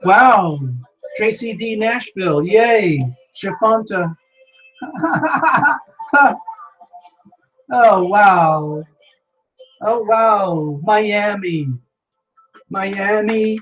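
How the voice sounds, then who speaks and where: A host on a live stream, talking slowly but excitedly, greeting viewers one by one and hurrying to keep up with the chat. The audio is a bit dull and lo-fi. Soft music plays faintly behind the voice. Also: medium pitch. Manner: excitable, many exclamations, reads viewer names aloud while scrambling to keep up. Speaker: livestream host.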